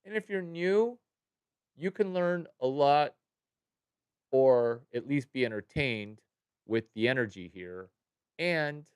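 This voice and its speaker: Middle-aged male streamer, excitable, unhurried delivery, crisp dry sound. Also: mid-range voice, no room sound. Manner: excitable, jumps from mumbling to loud outbursts. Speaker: livestream host. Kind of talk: animated livestream talk to chat.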